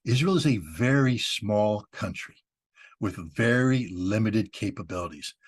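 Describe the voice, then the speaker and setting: A man's voice: on the low side, expressive, a little slow, slightly rough. A man speaking as a guest in a discussion, emphatic and explaining, sometimes restarting his sentences.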